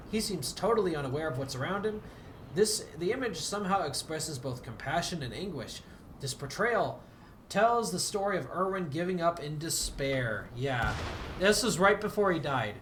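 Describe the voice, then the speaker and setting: A man's voice: fairly high pitch, fairly bright tone, a little hiss or hum. A man streaming a game, chatting casually and rambling, self-deprecating, with bursts of mock outrage. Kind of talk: casual game livestream commentary.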